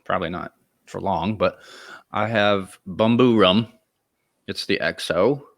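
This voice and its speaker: A young man hosting a casual podcast, easygoing and halting, often restarting his sentences. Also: deep voice. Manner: easygoing, hesitant, lots of restarts. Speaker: podcast host.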